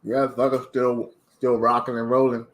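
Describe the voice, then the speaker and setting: A man's voice: medium pitch, level tone, normal speed. A man from Maryland hosting a casual livestream, chatting and reading out viewer comments. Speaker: livestream host.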